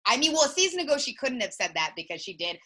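A young woman in casual reality-TV chat, blunt and animated, swearing freely and mimicking people. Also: sits high, quick pace.

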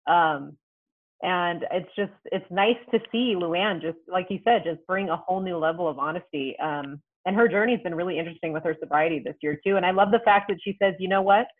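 A woman in casual reality-TV chat, measured and agreeable, hedging her opinions. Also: lowish voice. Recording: tinny phone-like line.

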